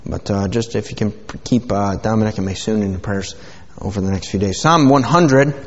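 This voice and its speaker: A man's voice: fairly low pitch, flat delivery, a little fast, mellow. A man, giving an informal sermon and prayer in a church, rambling and folksy with many fillers. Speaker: pastor. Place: church sanctuary. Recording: dull sound with hall reverb.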